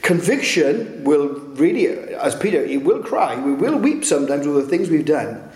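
A man preaching a sermon, speaking haltingly with frequent restarts and tag questions. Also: on the high side, big pitch swings, a little mellow, soft background music. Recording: echoey room.

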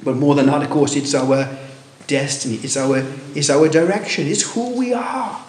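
Halting preacher in an echoey room. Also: male voice, a little high. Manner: halting, many restarts, rises when telling of shouting. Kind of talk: sermon storytelling.

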